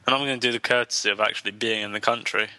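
Bright-voiced sarcastic young man. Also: lowish voice, steady tone, very fast. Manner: dry, sarcastic quips. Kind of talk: casual chat among friends.

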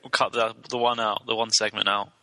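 A man's voice: on the low side, level tone, fairly quick, bright, forceful tone. A young man co-hosting a casual chat, laid-back and steering the conversation. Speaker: podcast co-host.

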